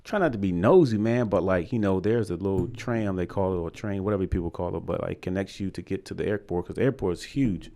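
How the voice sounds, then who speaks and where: Low-pitched with vocal fry, this young man talks fast with hardly any pauses. He's a podcast co-host from Virginia, USA, animatedly telling a casual story and imitating the voices of those involved.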